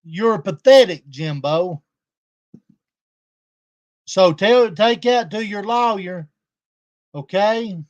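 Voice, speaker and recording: On a YouTube livestream, a man talks casually to his viewers, sounding aggrieved and confrontational as he addresses a rival and his audience. His voice is high, he draws out his words and leaves long pauses, and the high frequencies are cut off.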